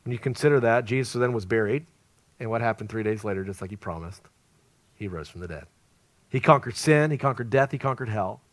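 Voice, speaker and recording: A man preaching an evangelistic sermon at a church service, swinging between loud emphasis and hushed, near-whispered lines. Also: medium pitch.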